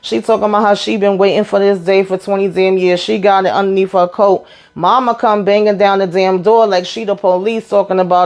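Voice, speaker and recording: A woman giving a casual reality-show recap on her own channel, talking straight into the mic. She is animated and swears freely, and her voice sits in a middle pitch for a woman. She keeps jumping into quick impressions of the people she is describing.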